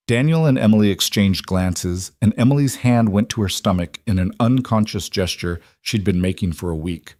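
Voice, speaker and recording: Low-voiced male storyteller, dry. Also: normal speed, few pauses, darkish tone, dry recording. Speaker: narrator. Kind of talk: scripted story narration.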